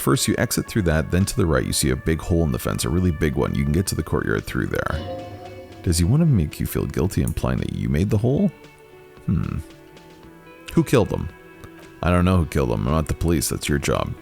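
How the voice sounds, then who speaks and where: A man's voice: a bass voice, creaky, a little mellow. A man hosting a let's play, reading a game's dialogue aloud and musing between lines. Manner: musing, reads all parts with shifting voices. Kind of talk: reading game dialogue aloud while playing.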